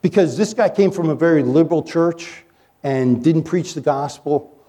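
A male pastor preaching a sermon, telling stories in an animated, joking way as he coaches his listeners. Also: on the high side, moderate pace. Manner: animated, jokey storyteller who coaches the audience. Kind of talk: sermon with storytelling.

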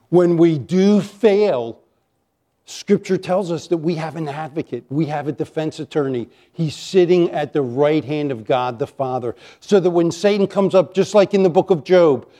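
Mellow-voiced man preaching a sermon. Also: on the high side. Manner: emphatic, varies pace, slows for key lines, rises when acting out accusations. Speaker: pastor. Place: church sanctuary with a congregation.

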